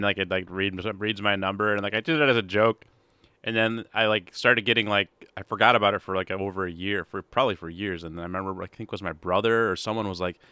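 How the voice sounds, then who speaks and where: A man with a low, bright and clear voice tells an anecdote in a casual online chat. He rambles and fills the gaps with many "like"s, and the sound is dry and close. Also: no echo.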